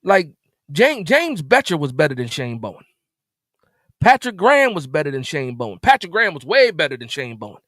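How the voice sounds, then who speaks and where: A man hosting a live stream, ranting in an exasperated way after a game, repeating himself and jumping suddenly louder. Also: on the high side, very animated, a little fast, no echo, studio quality. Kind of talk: animated post-game rant.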